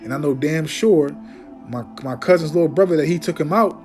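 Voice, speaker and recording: A man's voice: a little high, a little mellow, faint music behind. Emphatic preaching man. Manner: emphatic, preachy, peppers talk with "man" and "okay?"; reads Bible verses aloud in a slower, declaiming voice. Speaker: Bible teacher. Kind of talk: informal scripture teaching.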